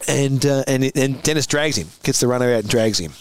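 A man in his forties with an Australian accent, a former footballer telling stories as a guest, animated and often laughing. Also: medium pitch, a little fast, clean tone, no room sound. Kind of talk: casual storytelling interview.

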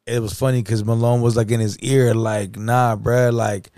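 A man with a smooth, clear voice chats in a relaxed, slangy way on a casual podcast. His pitch sits in the middle, and the recording is dry. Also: normal speed, dry recording. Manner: relaxed, slangy, keeps saying "you know what I mean". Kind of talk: casual hip hop chat.

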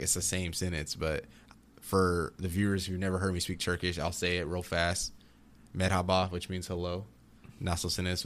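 A young man in casual chat, telling rambling, animated stories about growing up, with frequent restarts. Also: sits low, slight background noise. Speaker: podcast guest.

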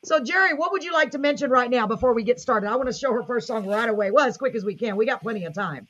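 A woman's voice: on the high side, expressive, fast, a bit bright, muffled recording. Enthusiastic woman hosting a live show. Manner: gushing, enthusiastic, reads viewer comments aloud. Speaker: host. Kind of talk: live online show chat.

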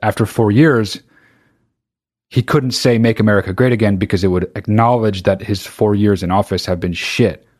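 A man's voice: on the low side, steady tone, moderate pace, darkish tone. A man hosting his own podcast, talking in a profane, rambling comedic monologue that keeps interrupting itself. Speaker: podcast host.

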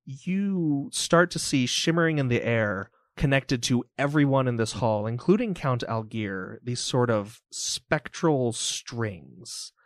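Slow, vivid game-master narration, man. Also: medium pitch, lively intonation, no echo, studio quality. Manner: vivid, descriptive, loose with fillers.

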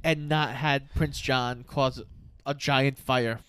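A man's voice: mid-range voice, steady tone, takes it slowly, fairly bright tone, smooth, no room sound, studio quality. A man co-hosting a podcast, recapping a movie in an easygoing, joking way. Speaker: podcast co-host. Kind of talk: casual movie recap chat.

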